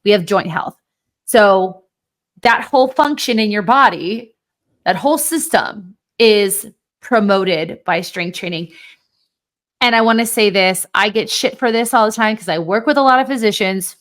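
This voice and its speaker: A woman's voice: medium pitch, a little slow, a bit bright. Chatty, emphatic woman podcast host. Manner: chatty, emphatic, swears casually. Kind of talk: casual podcast chat.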